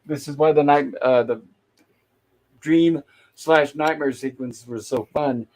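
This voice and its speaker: A show host with a fairly high, somewhat dark-toned voice casually recaps an old TV episode scene by scene at an unhurried pace. He's chatty and acts out the quoted lines as he goes.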